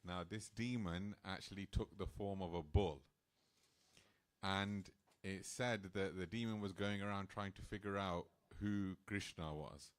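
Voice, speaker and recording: A man's voice: low voice, a little slow, smooth. A man speaking as a temple speaker, telling a sacred story in a casual, chatty sermon style. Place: temple hall.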